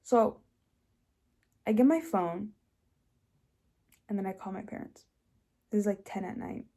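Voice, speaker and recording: Young woman telling her story, emotional and halting, lots of restarts, goes quiet then louder. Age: young adult. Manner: swings between soft low passages and louder rises. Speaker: host. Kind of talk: personal testimony.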